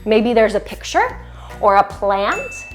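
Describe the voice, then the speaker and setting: A woman's voice: medium pitch, sing-song, takes it slowly, soft background music. A young woman teaching a children's yoga class, encouraging and playful, singing short chants between poses. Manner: cheerful, encouraging, sings short chants and makes animal and siren sounds.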